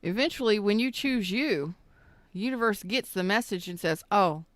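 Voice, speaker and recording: A woman reading tarot on a live stream, emotional and choked up, talking slowly and soothingly with halting pauses. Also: mid-range voice, no room sound. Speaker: tarot reader.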